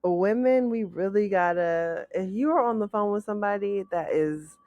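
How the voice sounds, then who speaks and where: A woman's voice: medium pitch, normal speed, dark tone, no echo, dull audio. A woman co-hosting a podcast in casual chat, rambling and hesitant, full of fillers and trailing thoughts. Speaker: podcast co-host.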